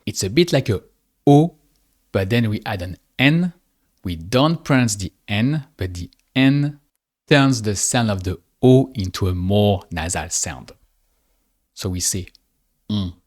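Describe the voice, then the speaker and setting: A man teaching spoken in a guided speaking lesson, patient and deliberate, drawing out each example phrase. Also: on the low side, lively intonation, darkish tone. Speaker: French teacher.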